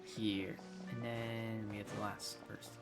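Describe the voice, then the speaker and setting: A woman's voice: very deep voice, level tone, measured pace, creaky, loud music behind the voice. A woman streaming a video game, chatting casually and playfully with lots of fillers. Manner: playful, hesitant, full of fillers. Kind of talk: casual gameplay commentary.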